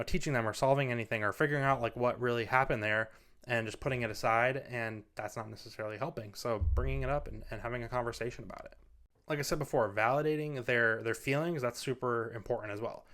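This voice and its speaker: This parenting video host speaks in a mid-range, fairly bright voice. Standing before a studio microphone, he gives casual advice earnestly and ramblingly, with plenty of "you know"s.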